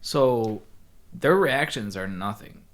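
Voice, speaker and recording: A man's voice: mid-range voice, animated, slow pace. A man co-hosting a podcast in casual, crude chat, laughing often. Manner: laughs a lot, crude joking. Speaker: co-host.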